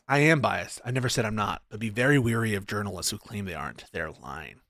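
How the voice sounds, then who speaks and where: A man's voice: a little fast, a bit bright, dry recording, studio quality. A man live-streaming political reaction commentary, ranting sarcastically with lots of profanity. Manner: mocks others in shrill put-on voices.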